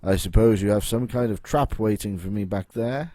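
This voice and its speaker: A man reading the lines of a female adventurer hero in a deep, deliberate voice. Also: mellow, no echo, natural voice. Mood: calm.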